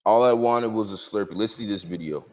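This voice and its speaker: A man's voice: fairly low pitch, brisk. Casual man commenting on fight stories. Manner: conversational, lots of "you know" fillers. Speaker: host.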